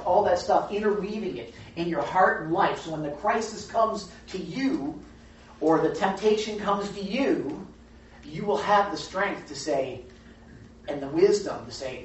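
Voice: medium pitch, a little hiss or hum. A Bible study teacher talking casually and animatedly to a group, often asking them questions. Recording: very echoey room, distant mic, dull sound.

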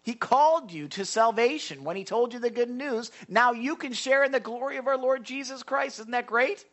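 A pastor preaching a sermon, emphatic, often urging the listeners to listen and reading scripture aloud. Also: moderate pace. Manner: rises and falls sharply in pitch and loudness.

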